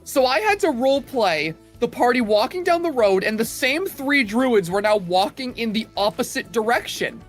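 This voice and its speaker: A man who runs tabletop games tells a story from one of his sessions in a lively, casual way, building up to each punchline. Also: extremely high pitch, moderate pace, hardly any pauses, faint music behind. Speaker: tabletop game master. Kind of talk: casual storytelling over voice chat.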